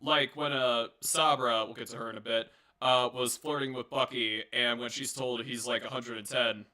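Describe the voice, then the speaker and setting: A man's voice: mid-range voice, fairly even intonation, moderate pace, bright, forceful tone. A young man giving a casual, rambling movie review, swearing and joking with lots of fillers and restarts. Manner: rambling, profane, jokey, many fillers and restarts.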